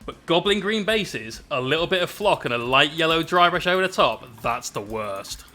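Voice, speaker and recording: A man's voice: on the high side, animated, normal speed, pushed and bright. A man hosting a casual painting live stream, bantering with his chat and explaining each step as he works.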